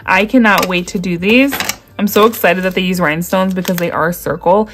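Seated at a table indoors, a woman unboxes craft supplies for her vlog, talking excitedly and directly to viewers with plenty of gushing and exclaiming. Her voice sits on the low side, with a fairly bright tone and a fairly quick pace. Crinkling packaging can be heard.

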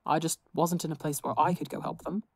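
A woman's voice: low-pitched, steady tone, fast, vocal fry, darkish tone, breathy edge, no echo, exaggerated voice. A woman voicing a sheepish young male supervillain who speaks in an apologetic, hesitant way.

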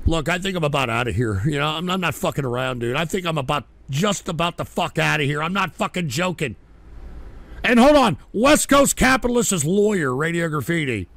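Gravelly, explosive cursing male host. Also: fairly high pitch, animated, fairly quick, background noise. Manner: explosive, cursing, blows up into shouting. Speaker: call-in show host. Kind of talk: ranting call-in radio.

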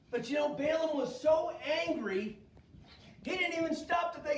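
A man's voice: very high voice, unhurried. A man teaching children's church, telling a Bible story with energy and asking the kids questions. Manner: lively, asks kids questions. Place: church kids' room. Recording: echoey room, far from mic, faint noise.

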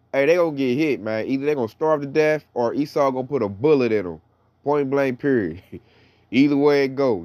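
A man's voice: a little high, darkish tone, no echo. Man preaching in loose street slang. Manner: loose slangy preaching, reads verses aloud. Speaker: Bible teacher. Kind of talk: casual sermon with scripture reading.

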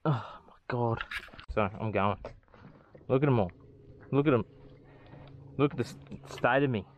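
A young man, a fishing vlogger, chatting to his camera outdoors by the water, excitable and swearing as he mutters to himself. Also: mid-range voice, a little slow, muffled recording, slight background noise. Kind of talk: casual running commentary to camera.

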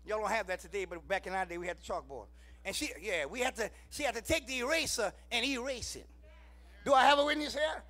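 Man, Southern US accent, call-and-response sermon, very high pitch, tense bright tone. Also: fast talker. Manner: call-and-response preaching, shouts then drops low. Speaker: preacher. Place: church sanctuary.

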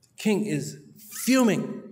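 A man's voice: high voice, big pitch swings, slow pace, a little mellow. A man giving a playful storytelling talk, questioning his audience as a spiritual speaker. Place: large event hall. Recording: long hall reverb.

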